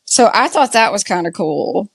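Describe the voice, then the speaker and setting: Co-hosting a laid-back podcast recap of a TV show, a woman with a Southern US accent chats slowly and fills her talk with "like." Her mid-range voice is animated, creaky, and husky, recorded with no room sound.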